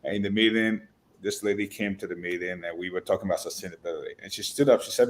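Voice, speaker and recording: A man's voice: low voice, quick pace. A man, an education nonprofit partner, telling stories emphatically in an interview. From Liberia. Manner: storytelling, emphatic, animated. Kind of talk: interview conversation.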